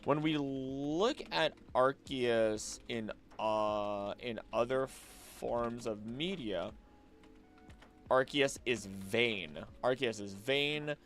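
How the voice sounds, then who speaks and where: A young man on a relaxed late-night stream, chatting at a middle pitch and musing aloud. He wanders off topic and restarts his sentences often. Soft music plays quietly behind him. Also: drawn-out words. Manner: rambling, easily distracted, musing aloud with many restarts.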